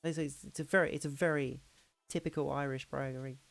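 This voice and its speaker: A woman streamer in a casual hangout chat, talking fast and loose with frequent laughs and restarts. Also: sits low, steady tone, vocal fry, faint music behind. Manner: chatty, laughing, restarts sentences.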